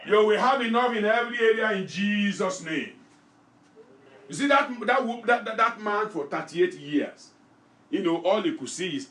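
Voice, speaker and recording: High-voiced fervent man preaching. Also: expressive, normal speed, roomy sound. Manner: fervent, repetitive preaching, rising to shouted prayer; reads scripture aloud with comments. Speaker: pastor. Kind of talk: sermon and prayer.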